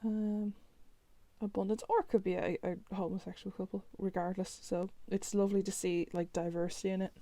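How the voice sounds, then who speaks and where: A woman with a mellow, warm voice chats her way through a tarot deck card by card. She talks casually, tossing off quick reactions. The sound is dry and close, with no room around her. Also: mid-range voice, little pitch movement, no room sound. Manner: chatty, reacts to each card with quick remarks. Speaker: tarot reader reviewing a deck.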